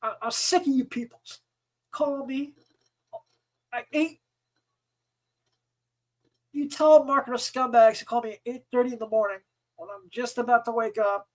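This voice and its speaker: A male podcast host, in a profane, exasperated rant that rolls on and on. His voice sits unusually high for a man. He talks angrily and swears often. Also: steady tone, normal speed, pauses often, rough recording. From United States. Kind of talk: profane ranting monologue.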